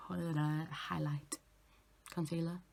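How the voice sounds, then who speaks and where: Young woman, lowish pitch, casual makeup tutorial chat, self-mocking. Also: flat delivery, unhurried, vocal fry. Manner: chatty, giggly, self-mocking. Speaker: makeup artist vlogger.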